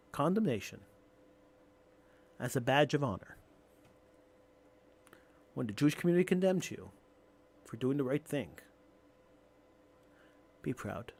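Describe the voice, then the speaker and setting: A male radio talk show host delivering an impassioned, emphatic monologue, building to near-shouting on key points. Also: a little high.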